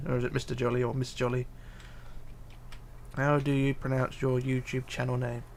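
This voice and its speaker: A man's voice: medium pitch, level tone, moderate pace, a little hiss or hum. A man streaming live, reading viewer comments aloud and muttering to himself as he builds, with hesitant fillers. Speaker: livestreamer. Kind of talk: casual live stream chat while building.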